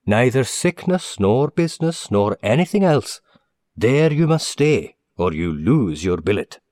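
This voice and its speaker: A man's voice: medium pitch, very animated, unhurried, a little mellow, no room sound, clean studio sound, voice pushed up. A man putting on a fussy, eager league manager. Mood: earnest. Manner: earnest, emphatic, formal.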